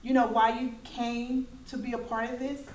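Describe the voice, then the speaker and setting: A woman's voice: fairly high pitch, level tone, moderate pace, background noise. A woman interviewing a guest at a fitness camp event as a board member, bubbly and enthusiastic, laughing as she talks. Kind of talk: casual interview. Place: large room at a kids fitness camp event. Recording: roomy echo, distant mic, faint clicks.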